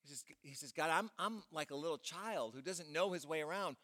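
High, bright-voiced pastor preaching. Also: male voice, brisk. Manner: conversational, asks the congregation questions, acts out quoted prayers. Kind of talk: sermon. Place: church auditorium. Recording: long church hall reverb.

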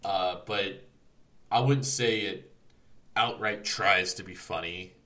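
A man's voice: low voice, slow. A man co-hosting a casual podcast chat, recapping scenes with frequent laughter. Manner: laughs often, animated recapping. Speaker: podcast co-host. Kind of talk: casual chat about a manga.

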